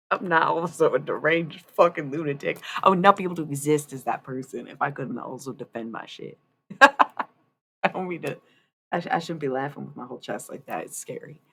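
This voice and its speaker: A woman streamer chatting casually, rambling and swearing, swinging between loud and hushed. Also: deep voice, brisk, gravelly, breathy edge. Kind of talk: casual live-stream chat.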